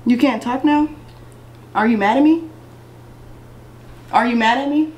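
A woman's voice: fairly high pitch, unhurried, a little mellow, reverberant. A young woman filming a casual prank vlog, pestering someone with the same questions again and again. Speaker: vlogger.

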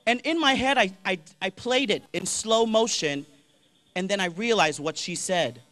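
A young adult telling a funny story to an audience, animated with quick asides and laughing between lines. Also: medium pitch, no room sound. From Palau. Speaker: youth campaign speaker.

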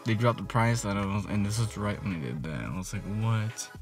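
A man's voice: on the low side, lively intonation, fast. A man, telling a rambling, profane storytime vlog full of fillers. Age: 20s. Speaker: vlogger. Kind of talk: casual storytime rant. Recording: music playing behind. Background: music.

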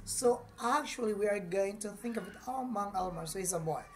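A woman's voice: medium pitch, fairly quick, darkish tone, slight background noise. A woman teaching an English grammar lesson, patiently repeating each point and addressing her viewers as class.

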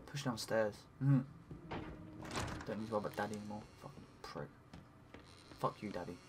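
A man giving let's play commentary while he plays, talking to himself, swearing often and breaking into excited cries. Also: on the low side, moderate pace, very noisy. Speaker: gaming commentator.

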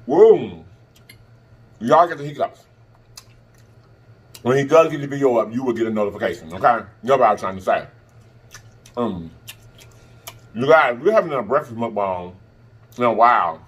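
A man's voice: mid-range voice, expressive, normal speed, pauses often, husky, lo-fi sound. A man vlogger talking casually to camera, chatty and repeating himself for emphasis. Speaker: mukbang vlogger.

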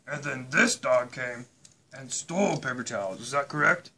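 A man's voice: mid-range voice, moderate pace, pushed and bright. A man playing a stern police chief who questions a suspect in a homemade toy story.

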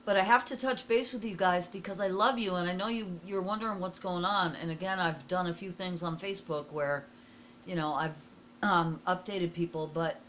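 A hoarse, fairly low-voiced middle-aged woman from the United States speaks to her viewers in a casual vlog. She gets emotional and keeps clearing her throat. A faint noise sits under her voice. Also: fairly even intonation, moderate pace, a bit bright. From USA. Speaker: vlogger. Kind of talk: casual personal vlog talk.

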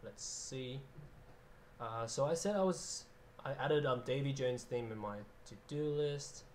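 A man's voice: medium pitch, unhurried, slight background noise. A man hosting a casual piano livestream, chatting loosely, reading out viewer names and laughing often. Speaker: livestream host and pianist.

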